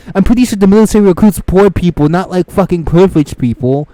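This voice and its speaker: Ranting young man, dark voice. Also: sits high, a little fast, few pauses, dry recording. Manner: swearing, exasperated ranting with mocking asides. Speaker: commentary streamer. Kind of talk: profane reaction commentary.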